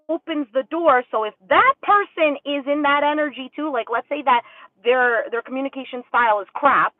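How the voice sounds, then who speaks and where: A woman's voice: fairly high pitch, dry recording. A woman giving a casual tarot reading, rambling and acting out inner thoughts as little quoted asides. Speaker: tarot reader. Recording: tinny phone-like dry sound.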